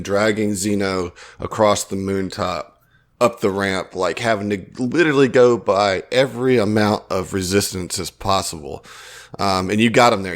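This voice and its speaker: A man running a tabletop game as game master, hyped and casually swearing. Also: on the low side.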